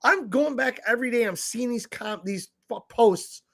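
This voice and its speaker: Blunt guy with a high voice cohosting a podcast, swears a lot. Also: moderate pace, vocal fry. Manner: blunt, profane. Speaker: podcast co-host. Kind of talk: casual chat.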